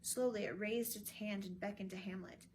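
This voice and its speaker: A woman narrating a children's storybook version of a classic play in an expressive, clear way. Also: mid-range voice, normal speed, slight background noise.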